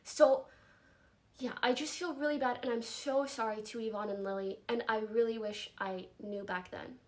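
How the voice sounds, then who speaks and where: A young woman streamer giving an emotional, earnest statement, halting and apologetic and close to tears. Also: a little high, steady tone.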